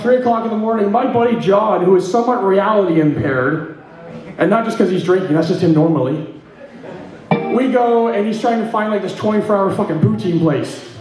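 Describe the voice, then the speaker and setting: A man's voice: high-pitched, darkish tone, very echoey, low-quality recording. A middle-aged man from Ontario doing stand-up comedy, telling a story with lots of swearing and laughing between punchlines. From Ontario, Canada.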